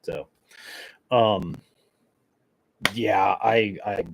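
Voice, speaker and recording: A man's voice: fairly low pitch, steady tone, very slow, vocal fry, noisy background. A man hosting his podcast in a casual solo chat, rambling and joking in a caffeine-wired way with plenty of fillers. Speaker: podcast host.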